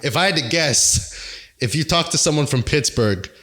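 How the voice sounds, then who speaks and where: A man's voice: fairly high pitch, expressive, normal speed, sharp tone. A man co-hosting a podcast in casual chat, rambling and joking and laughing often. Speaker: podcast co-host.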